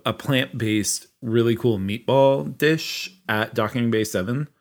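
A man's voice: mid-range voice, unhurried. A man co-hosting a podcast, sharing enthusiastic, rambling opinions in casual chat. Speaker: podcast co-host.

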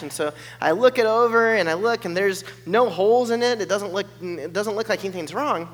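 A man telling a personal story in an animated way, acting out the voices of the people in it. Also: high voice, brisk, hardly any pauses. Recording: long hall reverb.

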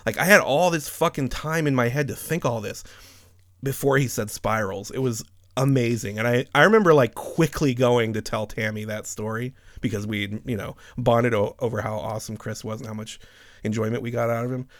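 A man's voice: mid-range voice, brisk, no echo, studio quality. A man casually telling a funny workplace story, swearing often and laughing. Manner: profane, animated, laughs often. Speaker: podcast host telling a story.

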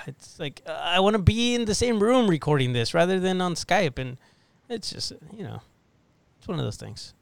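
A man's voice: high voice, lively intonation, moderate pace, gravelly, clean tone, dry recording. A man hosting a casual podcast over a video call, upbeat and rambling, laughing often. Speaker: podcast host.

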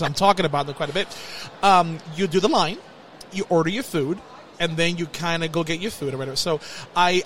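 A man with a slightly high voice hosts a podcast, with a little hiss or hum in the recording. He chats casually and tells stories animatedly, laughing often.

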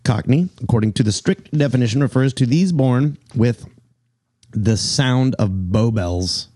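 A man's voice: mid-range voice, a little slow, mellow, no echo, clean studio sound. A man co-hosting a casual podcast, joking around and reading passages aloud from a website with frequent stumbles. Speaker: podcast co-host.

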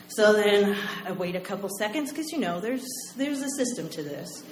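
A woman from Oklahoma telling a personal story to a live audience, animated and acting out voices. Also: mid-range voice, fairly quick, hardly any pauses. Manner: animated, acts out voices and laughs. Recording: roomy live venue, faint noise.

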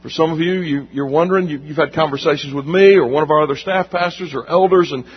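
A man's voice: fairly high pitch, fast talker, husky. A man preaching a sermon as pastor, emphatic and conversational, repeating phrases for weight, recorded in a church sanctuary. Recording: dull recording with long hall reverb.

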